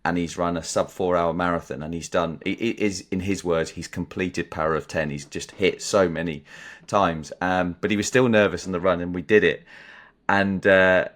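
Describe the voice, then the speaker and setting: An English man with a low, deep voice chats casually as a podcast co-host. He tells anecdotes in a rambling way and laughs often. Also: steady tone, moderate pace, a bit bright. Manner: chatty storyteller, laughs often. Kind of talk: casual chat.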